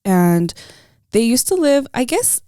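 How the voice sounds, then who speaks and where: A woman's voice: fairly high pitch, very animated, takes it slowly, warm tone, smooth, dry recording, studio quality. A woman co-hosting a podcast in casual chat, reacting with sympathy and then starting her own story. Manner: sympathetic listener, short reactions. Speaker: podcast co-host.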